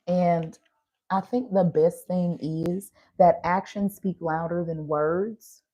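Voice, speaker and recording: This tarot reader speaks slowly in a steady, dark, lowish voice with a slight Southern country accent. Worn out from an overnight drive, she chats her way through a casual reading, addressing viewers as y'all and often asking "right?"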